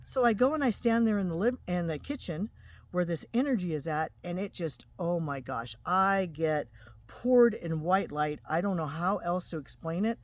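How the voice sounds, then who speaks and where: A woman in her forties from Utah, telling an emotional personal testimony to camera in an earnest, halting way. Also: lowish voice, no room sound. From Utah, USA. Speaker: spiritual vlogger.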